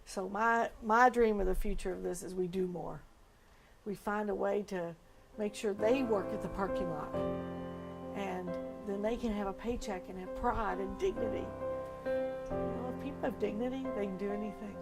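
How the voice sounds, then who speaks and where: A woman's voice: medium pitch, normal speed, gravelly, loud music behind the voice. A woman pastor speaking in a documentary interview, earnest and emotional as she tells her story.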